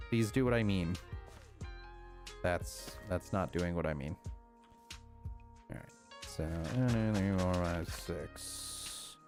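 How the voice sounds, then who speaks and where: Deep-voiced man rambling through a game stream. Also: a little mellow. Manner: rambling, self-talking, chuckles often. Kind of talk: casual live-stream chat while playing.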